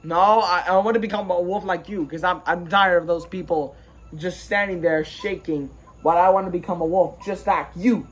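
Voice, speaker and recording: A man's voice: high-pitched, fairly even intonation, moderate pace. A man voicing a stubborn young male lamb who insists with slangy bravado. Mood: insistent.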